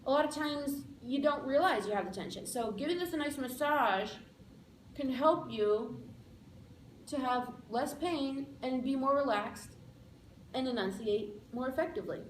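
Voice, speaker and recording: A woman giving a playful, upbeat speech of practical advice to a speaking club, with emphatic slowed-down lines. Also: high-pitched. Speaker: public speaker. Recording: echoey room, faint background noise.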